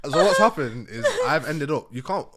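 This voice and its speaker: A man's voice: fairly high pitch, expressive, normal speed, crowd noise. A young man casually telling a funny story, laughing often and acting out his own thoughts.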